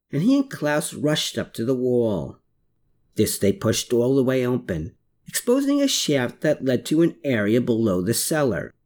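A narrator reading a novel chapter in a steady storytelling manner. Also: mid-range voice. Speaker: audiobook narrator. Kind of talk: scripted narration.

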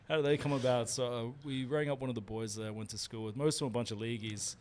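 A man's voice: medium pitch, steady tone, a little fast, a little mellow, slight background noise. A man, co-hosting a podcast in casual chat and telling laid-back stories with swearing. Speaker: podcast co-host.

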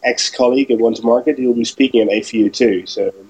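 A man's voice: medium pitch, fairly even intonation, fast talker, a little mellow, breathy edge, rough recording. A man as a guest on a radio show, bantering with dry, teasing humor.

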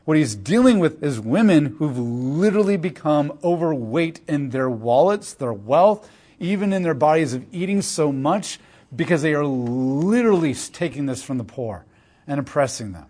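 A man gives an expository sermon, reading scripture aloud and then unpacking it in animated everyday speech. His voice sits somewhat high for a man. His delivery is emphatic and direct. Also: moderate pace. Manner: emphatic, animated, reads scripture then explains it in plain talk. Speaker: preacher. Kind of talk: expository Bible teaching.

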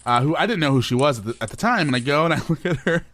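A young man co-hosting a podcast, telling a story in casual chat, animated and often breaking into laughter. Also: a little high, racing. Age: young adult. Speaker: podcast co-host.

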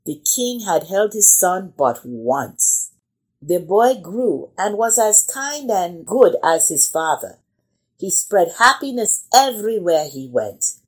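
A woman hosting a children's story channel, reading a picture book aloud with gentle, expressive storytelling. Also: medium pitch, takes it slowly, breathy edge, rough recording.

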